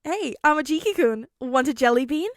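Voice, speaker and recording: A woman's voice: high-pitched, animated, normal speed, no room sound, studio quality, pitched above the performer's own voice. A woman voicing a cheerful, teasing teenage boy hero with an upbeat manner.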